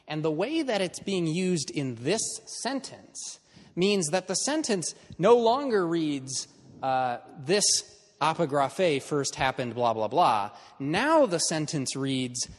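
A man's voice: on the high side, big-room sound. A man teaching an in-person class in a conversational lecture style, checking in with his students as he explains.

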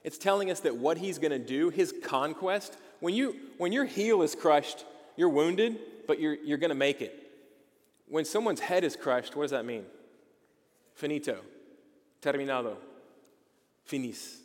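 A man's voice: fairly high pitch, lively intonation, normal speed. Emphatic male pastor in a reverberant hall. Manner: emphatic, asks the congregation rhetorical questions, frequent "okay?". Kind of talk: sermon.

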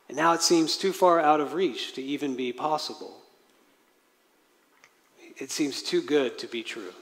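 Male pastor, slightly higher voice, earnest sermon delivery, reverberant sanctuary. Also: unhurried, pauses often, fairly bright tone. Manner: earnest, acts out quoted prayers with rising intensity. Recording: long hall reverb.

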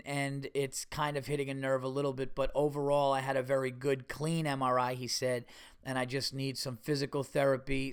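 Smooth-voiced man rambling on a podcast. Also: mid-range voice, fairly bright tone. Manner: rambling, profane, with many fillers and restarts. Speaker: podcast host. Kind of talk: casual solo podcast talk.

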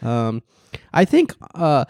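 Male podcast co-host, wry and animated, acts out quotes, dry studio sound. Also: slow pace, no echo. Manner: animated, ironic, restarts and leaps in pitch for emphasis; acts out quoted people in mocking voices. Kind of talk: casual political podcast chat.

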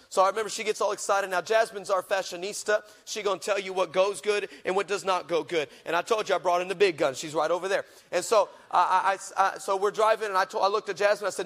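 Male preacher, high register, fervent declarations, then an animated storyteller who acts out the scenes. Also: fast, hardly any pauses. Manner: fervent, emphatic repetition. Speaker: pastor. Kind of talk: sermon with declarative prayer and storytelling.

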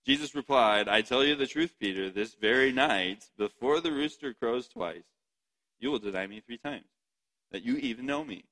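A man's voice: mid-range voice, normal speed, bright, forceful tone, poor audio. A man giving a sermon, reading scripture and chatting to the congregation with frequent laughs and "right?" asides. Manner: chatty, laughs often, asks the audience "right?". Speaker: preacher.

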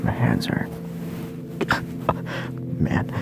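A young man making a joking amateur ASMR video, stammering, swearing often and mocking himself. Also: very slow. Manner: rambling, stammering, swears a lot, self-mocking. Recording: music playing loudly behind.

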